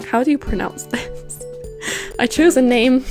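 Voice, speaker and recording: A woman streamer with a slightly higher voice chatters through a game, playful and self-mocking. Soft music runs under her talk. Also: a little slow. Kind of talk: casual gaming livestream chat.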